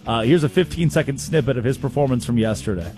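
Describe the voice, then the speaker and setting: A man's voice: medium pitch, quick pace, over music. A man hosting a comedic sports talk show, telling stories and mimicking people. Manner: storytelling, mimics people in quotes, animated. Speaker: radio show host.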